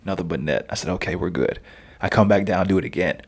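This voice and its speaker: A man in his thirties, a podcast guest telling stories in an animated way and laughing often. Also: low-pitched, fast talker, noisy background. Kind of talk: casual storytelling.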